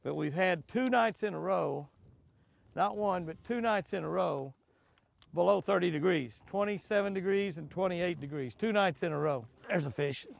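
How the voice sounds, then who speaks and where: A man with a very gravelly, raspy voice pitched a little high narrates his fishing from a boat out on a lake. He exclaims over every fish, chuckles often, and talks to himself as he goes. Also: moderate pace, dry recording. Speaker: fishing show host. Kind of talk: excited fishing commentary.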